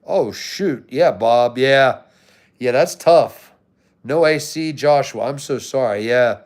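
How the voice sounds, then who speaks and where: A man's voice: medium pitch, slow pace, darkish tone. An American man hosting a livestream, chatting casually with viewers in a laid-back way and swearing now and then. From United States. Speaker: livestream host. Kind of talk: casual live chat answering viewers.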